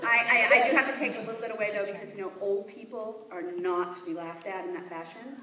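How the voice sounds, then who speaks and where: A woman's voice: medium pitch, fast talker, very noisy. A woman over forty-five judging a talent show, giving playful, teasing feedback. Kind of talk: judge feedback. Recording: distant echoey hall with loud crowd.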